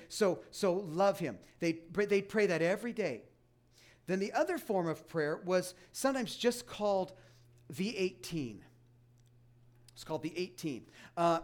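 A middle-aged man preaching a sermon as pastor, emphatic, with frequent restarts and asides. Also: high voice.

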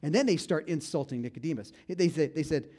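A man preaching in a loose, conversational way, bringing the story to life for his listeners and often tossing in a casual "you know." His voice sits a bit on the high side for a man. He talks to the congregation as if chatting with them. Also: fairly quick, mellow. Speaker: pastor.

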